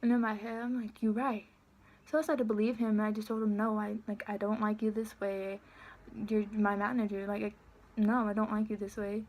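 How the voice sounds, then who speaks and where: An eighteen-year-old woman casually telling a story on her vlog, chatty and animated as she acts out what was said. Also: medium pitch, fairly quick. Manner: chatty, animated retelling with quoted dialogue. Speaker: vlogger.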